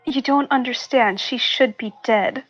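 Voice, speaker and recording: Brief: female tabletop player, fairly high voice, earnest, muffled lo-fi recording. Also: unhurried, a bit bright, faint music behind. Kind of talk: tabletop game play. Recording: dull, lo-fi mic.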